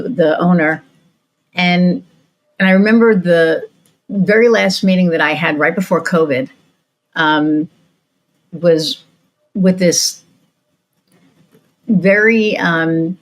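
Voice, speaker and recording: A woman's voice: on the low side, slow pace, long pauses, low-quality recording. A woman hosting a podcast, chatting casually and telling a story with lots of fillers and restarts. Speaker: podcast host. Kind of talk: casual interview chat.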